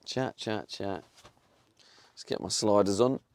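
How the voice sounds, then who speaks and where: A man's voice: fairly low pitch, slow pace, a little mellow. A young man streaming live from his van, chatting casually and bantering with his viewers. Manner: chatty, swears, talks back to chat.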